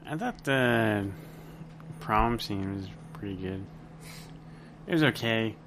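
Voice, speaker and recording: A man's voice: lowish voice, animated, takes it slowly, noisy background. A man co-hosting a podcast in casual chat, laid-back and joking. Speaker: podcast co-host.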